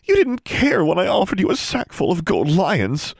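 A man voicing a spoiled, desperate young woman who pleads and whines in a high voice close to tears in an audiobook. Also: wildly swooping pitch, normal speed, creaky, slightly rough, dry recording, full character voice. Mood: pleading, desperate. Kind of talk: audiobook character voice.

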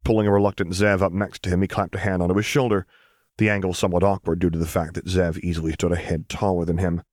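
A man narrating a fan fiction audiobook in a steady, even reading. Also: deep voice, fast talker, no echo, clean studio sound.

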